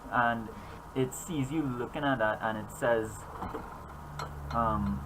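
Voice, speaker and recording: Casual game master guy, rambly, mid-pitched voice, faint hiss in the background. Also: takes it slowly. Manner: rambling, many fillers and restarts. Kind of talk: narrating a tabletop game.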